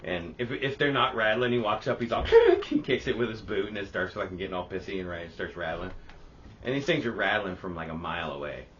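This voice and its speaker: A man's voice: low voice, fairly quick, dull audio, a little hiss or hum. A man co-hosting a podcast, telling stories in casual chat, swearing and acting out what people said. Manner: animated, swearing, acts out quotes. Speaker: podcast co-host.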